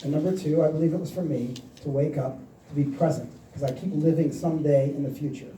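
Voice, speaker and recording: A man's voice: on the high side, steady tone, fast talker, mellow, slight background noise. A man in his forties giving a motivational seminar talk, telling stories and acting out the quoted dialogue. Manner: storytelling, acts out quoted dialogue. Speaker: seminar speaker. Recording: echoey hall, mic at a distance.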